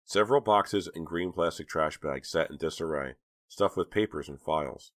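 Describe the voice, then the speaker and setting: A man narrating a young-adult thriller audiobook in measured, even storytelling. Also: rumbling low, no echo, studio quality. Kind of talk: scripted narration.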